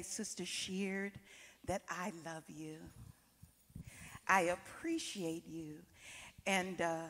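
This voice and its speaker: Slow-speaking woman hosting a church program. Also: medium pitch. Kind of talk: church event announcements. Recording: long hall reverb.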